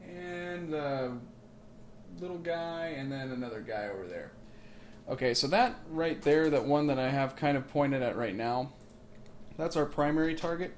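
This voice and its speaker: A man's voice: on the high side, a little hiss or hum. A man hosting a let's play, giving casual gameplay commentary with joking, rambling asides, recorded on a makeshift mic setup.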